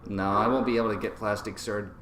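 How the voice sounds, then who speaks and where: Racing through his words in a fairly low voice with fairly even intonation, a Boston-accented man gives casual, self-mocking gameplay commentary as a let's play gamer. Crowd noise can be heard.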